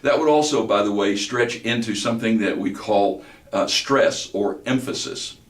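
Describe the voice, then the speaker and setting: Lower-voiced man lecturing in an echoey room. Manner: deliberate, demonstrates words slowly and precisely. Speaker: speech instructor. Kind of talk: recorded lecture. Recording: echoey room, mic at a distance.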